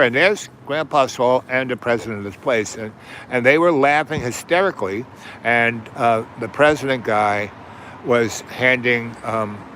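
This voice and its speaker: A man's voice: medium pitch, fairly bright tone, a little hiss or hum. A man in his seventies hosting a livestream, telling a rambling, digressive story with plenty of profanity and trailing asides. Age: 70s. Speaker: livestream host.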